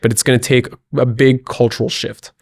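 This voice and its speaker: A man's voice: medium pitch, level tone, a little fast, gravelly, no echo. Earnest young man with a dry voice. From Canada. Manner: earnest, hopeful and persuasive. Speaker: podcast guest. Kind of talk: casual political podcast chat.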